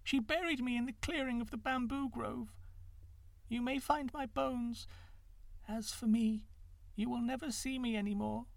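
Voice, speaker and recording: A pitiful ghost girl speaks in a thin, quavering voice pitched far up, as a male storyteller puts her on. She sounds small and mournful. The sound is dry and close. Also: steady tone, unhurried, gravelly, no room sound, full character voice. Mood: sorrowful.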